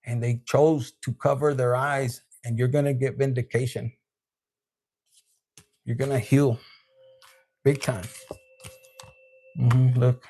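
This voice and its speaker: A man's voice: mid-range voice, little pitch movement, takes it slowly, pauses often, warm tone. A man giving a casual tarot reading in a loose, profane way, laughing and dropping Spanish slang. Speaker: tarot reader.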